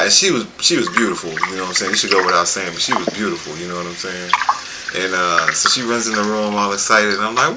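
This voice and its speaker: A man's voice: lowish voice, fast, heavy background noise. A man hosting a casual panel chat over a video call, telling stories and laughing often. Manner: animated storyteller, laughs often. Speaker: panel host.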